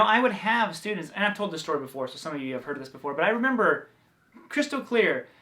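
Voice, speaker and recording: A guitar teacher from the American South talks loosely through a lesson in a casual vlog, his Southern accent clear as he piles on fillers and restarts. His voice is a little high, bright and forceful.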